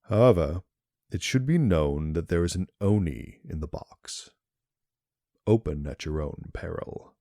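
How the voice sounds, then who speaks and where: A man's voice: sits low, animated, warm tone, no echo, studio quality. A man doing a stern old steward reading a will. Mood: ominous. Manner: slow, measured, formal reading.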